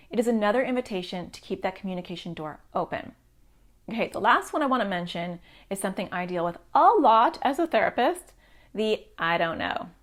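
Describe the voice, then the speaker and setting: A middle-aged woman, a child therapist, giving parents advice to camera in a direct, reassuring way. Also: on the high side.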